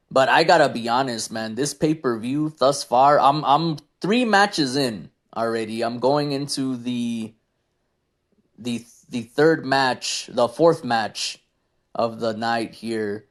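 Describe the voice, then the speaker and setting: A man in the middle of a casual wrestling review, his voice sitting at an ordinary pitch. He rants with open frustration, circling back over the same complaints. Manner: frustrated, ranting, repeats himself.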